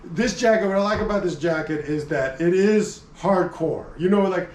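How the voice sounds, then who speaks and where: A middle-aged man chats through a casual gear review in a rambling, friendly way, often stopping to correct himself. His voice sits fairly high. The sound is roomy and comes from a distance, as if the camera is set back from him. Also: moderate pace. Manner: rambling, chatty, self-correcting, laughs often. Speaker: motorcycle and gear vlogger. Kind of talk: casual product review chat.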